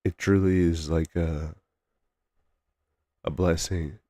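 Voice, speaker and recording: A male streamer chatting casually on a live stream, soft-spoken and halting, trailing off between phrases. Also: low-pitched, fairly even intonation, no echo, clean studio sound.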